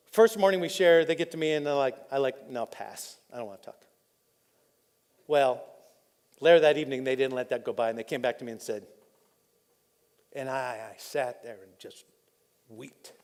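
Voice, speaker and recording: A man pastor, preaching a candid, personal sermon that drops soft and choked up when he is moved. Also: on the high side, fast talker, pauses often, smooth. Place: church auditorium. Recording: live in a reverberant church hall.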